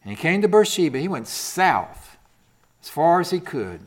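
A man preaching a sermon, swinging from loud emphatic peaks to hushed whispers and throwing rhetorical questions at the congregation. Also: fairly high pitch, sing-song, normal speed.

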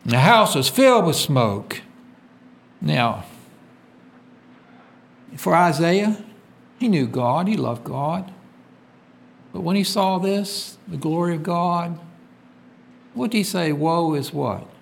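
Lively-pitched preacher man. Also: takes it slowly, gravelly, pauses often, a little hiss or hum. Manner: call-and-response questions, reads scripture aloud; swings from loud emphatic peaks to quiet low drops. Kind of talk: sermon.

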